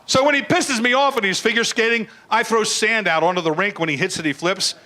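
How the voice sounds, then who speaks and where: A man's voice: high-pitched, a little fast, pushed and bright, rough recording. An older man doing a crude, blunt stand-up comedy routine, acting out bits in put-on voices.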